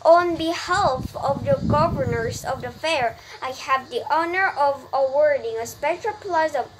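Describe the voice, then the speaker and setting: A woman's voice: high-pitched, unhurried, voice pushed up. A woman reading as a grand male fair announcer. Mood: ceremonious. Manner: stiff, ceremonious speechmaking. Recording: noisy home recording.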